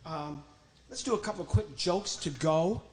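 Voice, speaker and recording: A man's voice: on the high side, moderate pace, a little mellow, a little hiss or hum. Joking ventriloquist man in a church. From Illinois. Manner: chatty, joking, talks to his puppet. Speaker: ventriloquist comedian. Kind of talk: live stand-up ventriloquism act. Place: church stage.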